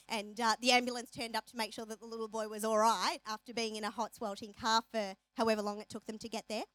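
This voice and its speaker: High-voiced woman giving a talk. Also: no room sound, low-quality recording. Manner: storytelling, animated, acts out quoted voices. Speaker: speaker. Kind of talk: motivational talk.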